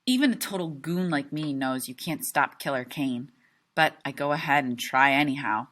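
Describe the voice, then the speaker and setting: Low-voiced, bright woman teacher reading aloud. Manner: steady storytelling with pauses for questions. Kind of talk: reading a novel aloud to a class.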